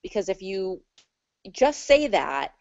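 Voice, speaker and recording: A woman speaks casually as an interview guest, chatty and animated as she acts out her own reactions. The recording sounds dull and muffled. The room is dry. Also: mid-range voice, takes it slowly, dry recording.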